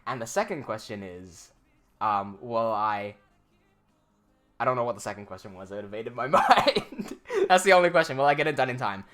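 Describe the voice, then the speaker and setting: Over soft background music, this animation livestream host talks in an animated, fairly bright mid-range voice at normal speed. He rambles through viewer comments casually, laughing a lot and restarting his sentences amid many fillers.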